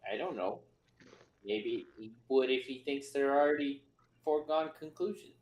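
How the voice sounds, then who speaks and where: A man's voice: medium pitch, normal speed, a little mellow. Man player musing, in an echoey room. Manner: questioning, musing. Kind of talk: casual tabletop game chat.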